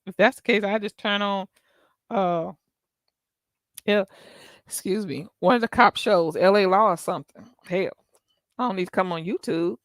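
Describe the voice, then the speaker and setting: Middle-aged lady venting on her channel, gravelly voice, dry close mic, preachy. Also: medium pitch, normal speed, pauses often, no room sound. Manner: emphatic, exasperated, preachy. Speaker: YouTube channel host. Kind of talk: casual vlog rant.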